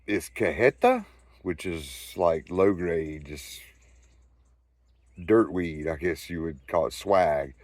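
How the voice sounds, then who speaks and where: A man's voice: extremely low pitch, fairly even intonation, slow pace, darkish tone, dry recording. A man with a Southern US accent telling a rambling, profane anecdote in casual storytelling style. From Southern United States. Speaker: storyteller host.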